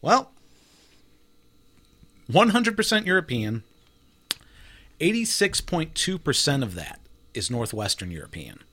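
A man's voice: on the high side, sing-song, unhurried, pauses often, fairly bright tone. A man hosting a casual group chat, reading out figures and laughing often. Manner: chatty, reads numbers out, laughs often. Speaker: host.

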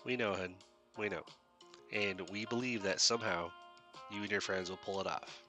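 A man's voice: on the low side, moderate pace, sharp tone, faint music behind. Man voicing a friendly middle-aged dad.

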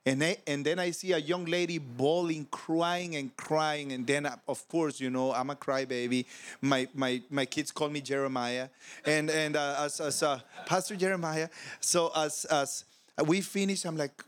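A man with a fairly high voice preaches at a ministers' convention. He tells a personal story with feeling and acts out the voices of the people in it. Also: moderate pace. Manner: emotional, animated storytelling with quoted dialogue. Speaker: pastor. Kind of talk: conference sermon storytelling. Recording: audio of a convention talk.

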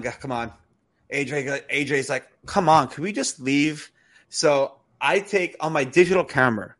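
A man co-hosting a wrestling podcast, telling a story in a casual, animated way with swearing and laughter. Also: medium pitch. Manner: animated, profane, laughs through stories. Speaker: podcast co-host.

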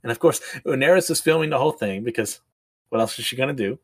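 A man's voice: mid-range voice, fast talker, breathy edge, no room sound. A man casually reading comics aloud and commenting, chatty and often laughing. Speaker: manga reviewer.

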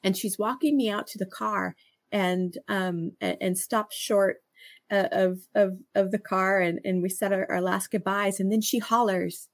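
A woman's voice: mid-range voice, fairly even intonation, measured pace, no echo. Earnest middle-aged woman, dry close sound. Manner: earnest, frequent restarts and stammers, laughs often. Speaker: podcast co-host. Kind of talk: reflective conversational talk.

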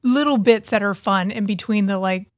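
A woman's voice: mid-range voice, moderate pace, dry recording, clean studio sound. A woman co-hosting a podcast in a chatty manner, laughing often and acting out her own quotes. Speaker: podcast co-host, author. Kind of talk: casual chat.

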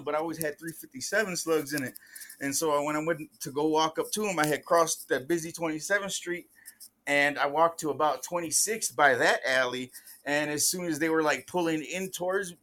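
Slangy, higher-voiced man telling street stories. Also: fairly bright tone. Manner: profane street slang, says "bro" often; acts out quoted voices in the stories. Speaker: podcast guest or co-host. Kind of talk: casual storytelling chat.

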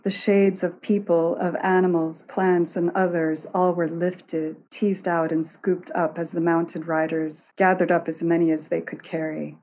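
A woman narrating a fantasy tale in a measured storytelling manner. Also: fairly low pitch, level tone, a little mellow, slight background noise.

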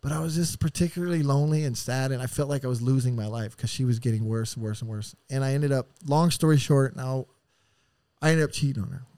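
A middle-aged man, a podcast guest, telling a painful personal story in a raw, profane and heartfelt way, with sighs and halting restarts. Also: medium pitch, warm tone, dry recording.

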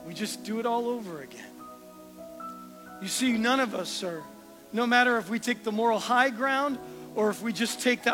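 Male preacher, high and bright, earnest questioning sermon delivery, faint music underneath. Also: lively intonation, moderate pace, pauses often. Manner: earnest, questioning, dropping to a soft hush for emphasis.

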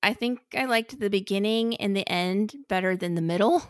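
A chatty, enthusiastic woman co-hosting a podcast, breaking into little giggles as she talks. Her voice sits in a middle pitch. It is recorded dry and close to the mic. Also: normal speed, no echo. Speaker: podcast co-host reviewing holiday movies. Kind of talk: casual chat.

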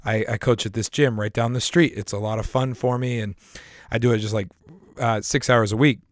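A man hosts his podcast in a rambling, sincere monologue, his voice hoarse and rough from a lingering cough. He clears his throat now and then and restarts his sentences. The recording is close and dry, with no room sound. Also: mid-range voice, fairly even intonation, a little fast, dry recording. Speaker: podcast host.

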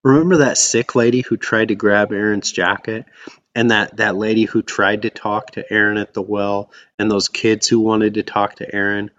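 A man narrating a scripted devotional teaching, telling a story dramatically and shouting the characters' lines. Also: on the low side, level tone, moderate pace, lo-fi sound. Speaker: podcast host teaching on faith.

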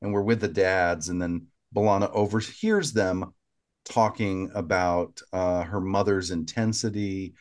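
Low-voiced man recapping an episode. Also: steady tone, a little slow. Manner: walks through plot beats step by step, conversational. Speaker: podcast co-host.

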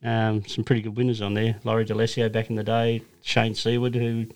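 Rambling Australian racing driver, loose chat. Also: male voice, lowish voice, monotone, a little fast, darkish tone. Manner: rambling anecdotal storyteller, many fillers and restarts. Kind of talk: casual podcast chat.

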